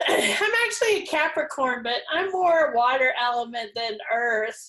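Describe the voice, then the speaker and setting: Middle-aged woman hosting a chat, effusive and emotional, kinda high voice. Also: unhurried, fairly bright tone. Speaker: host. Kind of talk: casual interview chat.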